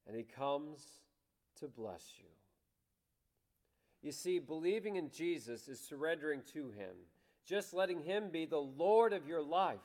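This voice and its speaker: A man preaching a sermon with passion, moving between loud declarations and hushed, soft lines. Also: fairly high pitch. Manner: impassioned, dramatic swings between loud and hushed. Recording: long hall reverb.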